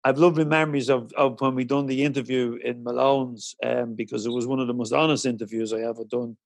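A male interviewer with a gravelly, creaky voice speaks plainly and directly. The sound is dry and close, with no room echo. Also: mid-range voice, fairly even intonation, fast talker. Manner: direct and conversational. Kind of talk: casual interview.

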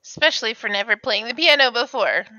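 A woman from Illinois co-hosting a casual movie commentary with her sister, agreeable and quick to laugh. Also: on the high side, lively intonation, pushed and bright, no echo. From Illinois, USA. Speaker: co-host, host's sister. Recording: dull, muffled sound.

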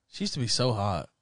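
A man hosting a casual podcast, talking in a profane, excitable, sarcastic way. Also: mid-range voice, dry recording, studio quality. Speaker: podcast host. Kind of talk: casual live-stream commentary.

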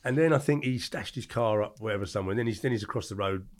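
A man's voice: on the low side, racing. An older man, a podcast guest telling stories in a rambling, blunt way, often stopping to correct himself. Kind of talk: casual storytelling.

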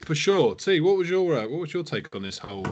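A man's voice: a little high, very animated, fairly quick, slight background noise. A man hosting a casual podcast, teasing his co-hosts and riffing on the story. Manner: jokey, teasing, cuts in to riff. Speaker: podcast host.

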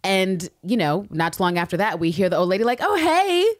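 A woman co-hosting a podcast, casually recapping a TV episode with lots of swearing and quick impressions. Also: lowish voice, no room sound, clean studio sound. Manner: profane, animated storytelling with quick impressions. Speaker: podcast co-host.

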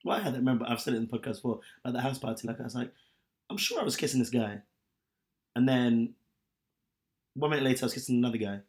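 A man's voice: mid-range voice, fast, pauses often. A man co-hosting a podcast, telling a story in casual chat with lots of laughs. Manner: animated storytelling, laughs often. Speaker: podcast co-host.

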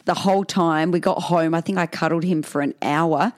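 A woman's voice: on the low side, fairly even intonation, normal speed. A woman, co-hosting a podcast in casual chat and telling candid stories while acting out what people said. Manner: candid storytelling, acts out quotes. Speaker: podcast co-host.

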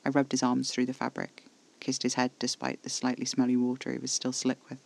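A man narrating a first-person horror audio drama in a measured, intimate storytelling manner. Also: mid-range voice, completely flat delivery, creaky.

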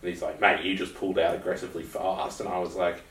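A young Australian man with a very low voice, chatting bluntly on a podcast. He swears freely and wanders into asides while he tells his stories. He sounds roomy, as if he sits some way back from the mic. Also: little pitch movement, quick pace, a bit bright, far from the mic. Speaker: podcast co-host. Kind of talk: casual chat.

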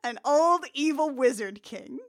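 A woman's voice: high-pitched, lively intonation, a little slow. A woman co-hosting a casual movie-review chat, retelling the plot in a wry, sarcastic way. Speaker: podcast co-host.

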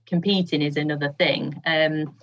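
Woman guest, chatty and easygoing, husky lower voice, dull lo-fi recording. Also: fairly even intonation, moderate pace. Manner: chatty, laughs often, many fillers. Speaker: podcast guest, TV presenter. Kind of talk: casual chat.

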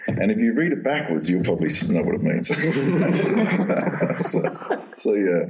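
Male actor, low voice, rambling storyteller with restarts, heard from a distance. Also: very animated, unhurried, noisy background. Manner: rambling, repeats words and restarts, laughs at his own story. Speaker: actor guest. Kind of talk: storytelling anecdote in an interview. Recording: distant from the mic.

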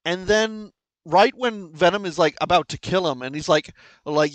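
A man co-hosting a podcast, talking in a rambling, excitable way and restarting his sentences often. His voice sits a little high. The sound is dry and close. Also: moderate pace, no room sound, low-quality recording. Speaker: podcast co-host. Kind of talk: casual chat.

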